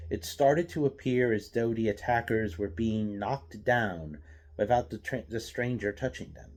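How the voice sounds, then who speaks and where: A man reading his own novel aloud as an expressive audiobook narration. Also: on the low side, breathy edge.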